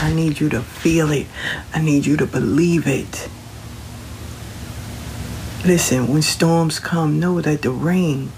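Guy talking faith and comfort, kinda high voice, slangy and easygoing, says the same line over and over. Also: darkish tone, slight background noise. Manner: reassuring, repeats phrases, speaks straight to the listener; colloquial, slangy. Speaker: motivational speaker. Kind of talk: casual spiritual pep talk.

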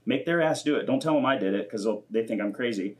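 A man's voice: mid-range voice, quick pace. A man in his twenties hosting a podcast, chatting casually, swearing often and acting out quotes. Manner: laid-back, swears often, acts out quotes. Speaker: podcast host.

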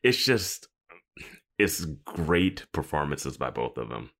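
A man's voice: very deep voice, very animated, takes it slowly, fairly bright tone. A man co-hosting a podcast in casual chat, laid-back and often laughing as he riffs with jokey asides. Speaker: podcast co-host.

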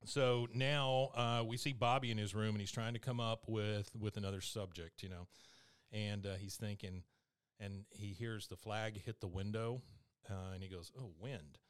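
A man's voice: lowish voice, fairly even intonation, moderate pace, clean tone, no echo, clean studio sound. A man co-hosting a casual podcast, retelling a cartoon episode scene by scene and quoting the characters. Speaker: podcast co-host.

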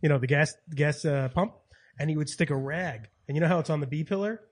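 Man, animated storyteller. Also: fast. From Long Island, New York. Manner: animated storyteller, mimics people with lively high-pitched quotes. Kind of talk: casual chat.

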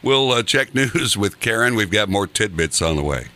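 A man's voice: lowish voice, lively intonation, moderate pace, very noisy. A man hosting a morning radio show, chatting in an easygoing way with a chuckle. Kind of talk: casual radio chat.

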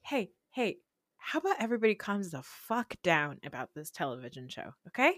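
A woman's voice: lowish voice, big pitch swings, a little fast, fairly bright tone, no room sound, clean studio sound. Laughing, chatty woman podcast host. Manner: laughs often, swears casually. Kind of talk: casual chat.

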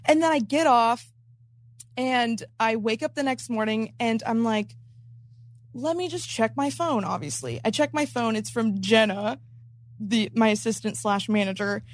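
A young woman casually telling a story, animated and slangy, often laughing and acting out what she said and thought. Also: a little high, moderate pace. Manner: animated, laughing, quoting herself; slangy and profane. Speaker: content creator.

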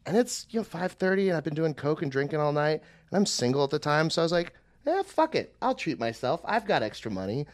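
A man's voice: fairly high pitch, very animated, fast. A young man, a podcast co-host, telling a rambling and self-deprecating comic story, swearing casually.

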